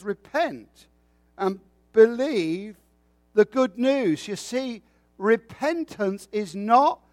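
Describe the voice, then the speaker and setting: A man's voice: very high-pitched, no room sound, studio quality. A man preaching a sermon with a folksy, joking way of telling stories.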